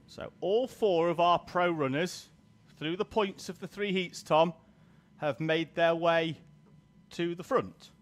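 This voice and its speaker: A man's voice: fairly high pitch, slow. A man from Yorkshire with a Yorkshire accent, giving chatty, joking live commentary on a kart race. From Yorkshire, England.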